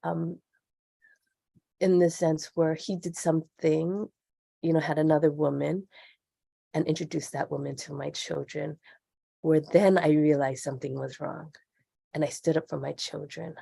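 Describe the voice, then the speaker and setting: A woman's voice: low voice, level tone, a little slow, creaky, pauses often, mellow, slightly rough, no room sound, clean studio sound. A middle-aged woman speaking as a podcast guest, earnest and reflective as she talks openly. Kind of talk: candid interview conversation.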